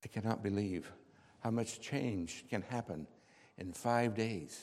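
A man's voice: on the low side, takes it slowly. A man acting as the apostle Peter, telling his story in a heartfelt first-person monologue. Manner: heartfelt storytelling, rising to shouts. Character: the apostle Peter, impulsive and earnest. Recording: long hall reverb.

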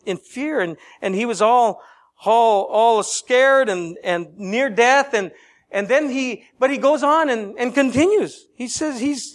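Brief: very high-pitched male preacher, lively and chatty, leads call-and-response. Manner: animated, laughing, calls for congregation responses. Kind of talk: sermon.

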